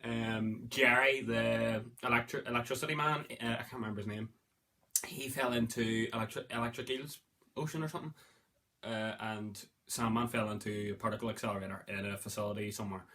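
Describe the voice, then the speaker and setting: A man talks through a movie review in a loose, rambling way, often bursting into loud excited exclamations. His voice sits at an ordinary pitch for a man and has a bright, forward edge. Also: fairly quick. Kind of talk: casual movie review monologue.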